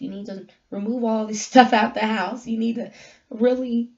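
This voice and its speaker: A woman giving a candid, emotional personal message, moving between soft, quiet lines and loud, emphatic ones. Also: a little high, fairly even intonation, moderate pace, dull audio. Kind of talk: heartfelt personal talk, sermon-like.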